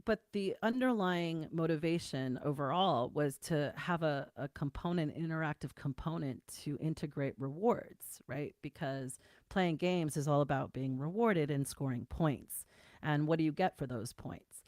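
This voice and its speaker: A woman's voice: sits low, normal speed, darkish tone, dry recording, clean studio sound. A woman guest in a livestream interview, talking in a chatty, rambling way with many fillers. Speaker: guest game developer.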